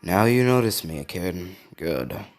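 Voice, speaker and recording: A blunt, matter-of-fact male alien symbiote, as a man puts him on. The voice sits a little low and talks in a plain, casual way. It hardly changes from the narrator's own. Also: animated, slow pace. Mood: calm.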